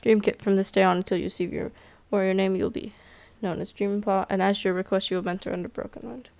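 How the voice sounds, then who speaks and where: Woman as a ceremonial cat leader, formal, low-key, gravelly touch. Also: fairly even intonation, fast talker, a little mellow, lightly acted. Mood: solemn. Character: solemn clan leader cat.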